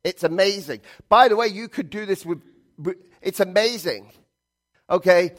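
Emphatic middle-aged man preaching. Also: normal speed. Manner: emphatic, repetitive, swinging between loud stresses and low asides. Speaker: pastor. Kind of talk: sermon.

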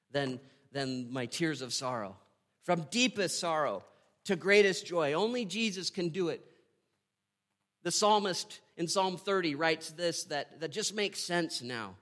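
A man giving a devotional Bible teaching. He reads scripture aloud and reflects on it with emotion and slow emphasis. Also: on the high side, a bit bright. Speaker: preacher.

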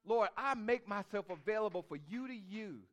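High-voiced preacher building to fervor. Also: male voice, animated, normal speed, a bit bright, muffled recording. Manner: preaching with rising intensity, repeating phrases. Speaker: pastor. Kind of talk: sermon.

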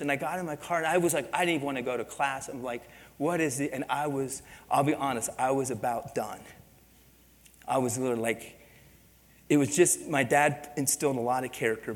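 A middle-aged male pastor preaching an animated story-driven sermon, his voice sitting at an ordinary middle pitch. He swings from quiet confiding lines up to loud shouts. The sound carries the long reverb of a church sanctuary.

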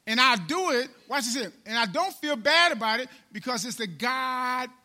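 A preacher with a very high, bright and sharp voice delivers a sermon in call-and-response style. He repeats his lines, calls on the congregation to answer, and swings between loud and hushed. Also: expressive, moderate pace. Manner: call-and-response preaching, repeats phrases, rises and drops in volume.

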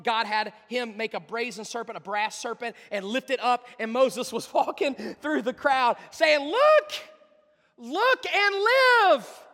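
Male pastor, high voice, passionate sermon with loud peaks and hushed asides, long church reverb. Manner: swings from loud emphatic preaching to low quiet asides.

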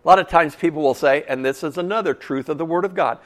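A man's voice: a little high, fast talker. A man preaching a sermon in a folksy, conversational way, full of casual asides.

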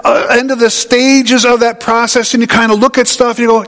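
A man's voice: very high voice, level tone, fairly quick, few pauses, fairly bright tone, in a large hall. A man preaching a sermon in a conversational, folksy way, telling homey stories. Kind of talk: sermon teaching.

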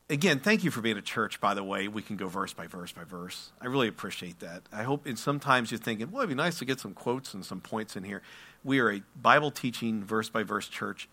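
Male pastor, verse-by-verse sermon, bright forceful tone, lively storyteller. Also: medium pitch. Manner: animated storytelling with acted-out quotes; asides and self-corrections while reading scripture.

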